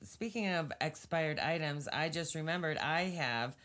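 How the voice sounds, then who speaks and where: A woman's voice: deep voice, measured pace, a bit bright. A woman co-hosting a podcast, rambling through stories in casual chat, laughing often and teasing her co-host.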